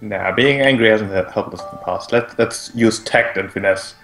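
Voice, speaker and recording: A man's voice: on the low side, moderate pace, a bit bright, soft background music, poor audio. A man co-hosting a let's play, reading game lines with a friend and joking along. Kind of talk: casual game commentary.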